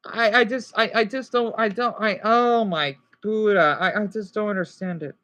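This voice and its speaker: A woman's voice: mid-range voice, normal speed, a bit bright. A woman from Arizona with an American accent, ranting through a rambling livestream monologue on a basic home setup and pressing her points with repeated "okay?"s. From Arizona, USA. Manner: rambling, emphatic, keeps asking "okay?".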